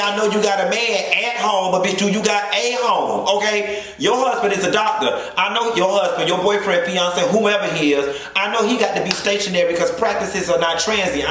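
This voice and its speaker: A sassy, flamboyant reality TV commentator with a high, fairly bright voice rants through a profane comedic recap of a reality show, throwing in drawn-out asides and mock sermons. The sound is very echoey, like a bare room.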